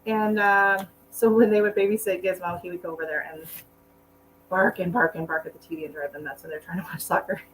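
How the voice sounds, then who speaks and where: A middle-aged woman hosts a gardening live stream from her home, chatting casually and rambling between potting tasks and asides to her dog. Her voice is lowish and brisk with fairly even intonation. The recording is low quality, with a little hiss or hum.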